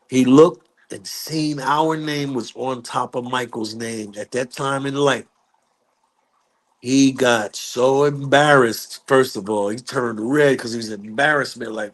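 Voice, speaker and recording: A man in an interview telling a story with lively energy, acting out the voices of the people in it. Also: mid-range voice, measured pace. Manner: acts out quoted voices, curses, lively delivery. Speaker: guest musician. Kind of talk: animated storytelling.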